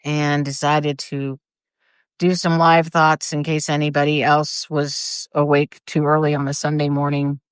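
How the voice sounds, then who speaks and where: A woman's voice: deep voice, flat delivery, a little slow, clean tone, dry recording, clean studio sound. An older woman rambling casually on a live video from her front porch, greeting viewers by name. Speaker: livestreamer. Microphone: phone or camera for a live video.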